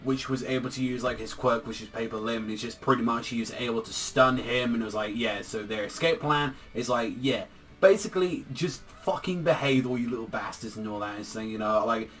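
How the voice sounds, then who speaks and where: A man casually recapping a manga chapter, rambling and excitable, swearing a lot and filling his talk with "like". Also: medium pitch, brisk. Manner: rambling, profane, heavy use of "like", excitable. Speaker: manga reviewer.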